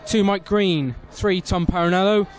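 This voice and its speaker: A man commentating on a football match for club radio, filling gaps with "uh" and climbing high at penalties and saves. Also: moderate pace, soft background music. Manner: reads team sheets with many fillers, rises sharply at big moments. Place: outdoor football stadium.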